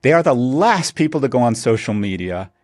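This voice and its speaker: A man's voice: medium pitch, very animated, brisk, a little mellow, no echo, clean studio sound. A middle-aged man co-hosting a podcast, telling stories sardonically and building to indignant emphasis. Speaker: podcast co-host. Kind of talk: casual opinionated chat.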